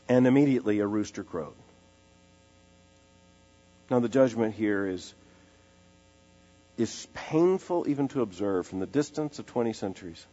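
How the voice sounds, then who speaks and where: Preacher in a big echoing hall. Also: male voice, medium pitch, a little mellow. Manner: emphatic, repeats phrases, slows down for weight. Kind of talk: expository sermon. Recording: dull lo-fi sound in a large reverberant hall with faint music.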